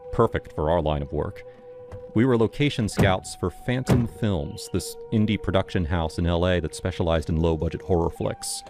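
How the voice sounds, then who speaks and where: Male narrator, very low voice, measured and dramatic first-person horror storytelling over a music bed. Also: creaky. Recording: music playing behind.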